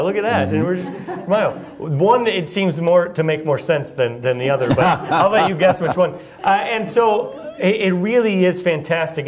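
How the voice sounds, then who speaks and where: His voice sits on the high side and stays animated, moving at a moderate pace with few pauses. As the event host, this young Iowan rambles through his questions in relaxed onstage chat, often laughing and mocking himself.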